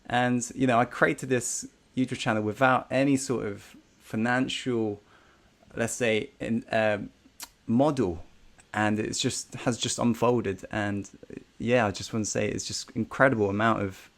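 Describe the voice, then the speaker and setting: A man's voice: medium pitch, steady tone, unhurried, a bit bright. A man hosting an interview channel, talking casually and hesitantly with many fillers.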